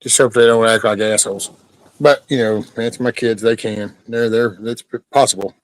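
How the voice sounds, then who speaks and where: At home beside a backyard chicken coop, a middle-aged man runs a relaxed livestream chat, rambling and pausing mid-sentence to tell off his dog. He keeps a steady tone at a moderate pace in a fairly low voice, and the recording is dry and of low quality.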